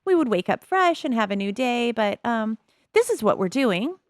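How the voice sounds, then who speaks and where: A woman chatting casually as she plays a life-simulation game, musing aloud with soft laughs. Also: on the high side, sing-song, normal speed, dry recording, clean studio sound. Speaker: gameplay commentator.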